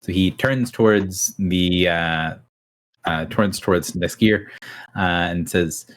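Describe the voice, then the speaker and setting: A man runs a tabletop game, narrating in a loose, casual way with plenty of ums and restarts. His voice sits on the low side. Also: slow. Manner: casual, hesitant, many fillers. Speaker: game master.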